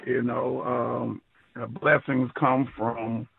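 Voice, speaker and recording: Slow gravelly man on a phone line. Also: medium pitch, level tone, a little hiss or hum. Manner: humble, slow and halting. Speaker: guest on phone. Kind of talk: radio call-in interview.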